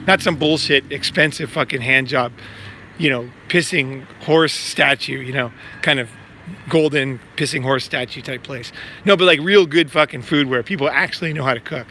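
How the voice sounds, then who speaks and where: A man's voice: mid-range voice, normal speed, sharp tone, slight background noise. A man vlogging in casual, rambling talk, swearing freely and stacking fillers and repeats. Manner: profane, filler-heavy, repeats himself. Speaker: vlogger promoting a meetup.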